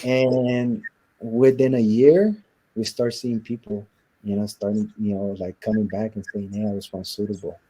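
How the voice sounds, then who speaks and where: A man's voice: on the low side, fairly even intonation, normal speed, warm tone, husky, rough recording. A man being interviewed, earnestly telling a reflective personal story and acting out the voices of the people in it. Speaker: interview guest. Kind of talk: conversational storytelling.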